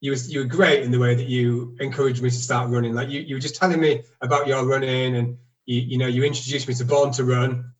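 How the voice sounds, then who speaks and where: A man in his forties tells his story candidly, pausing and restarting as he talks. His pitch sits mid-range for a man. He is recorded a little away from the microphone. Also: level tone, distant mic, rough recording. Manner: halting, candid, self-deprecating. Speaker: guest telling his story. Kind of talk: casual reflective storytelling.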